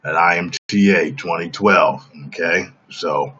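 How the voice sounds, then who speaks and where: Deep-voiced man on a casual stream. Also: measured pace, bright, forceful tone, breathy edge, muffled recording. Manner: emphatic, keeps asking "okay?". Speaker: livestream host. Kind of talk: casual livestream chat.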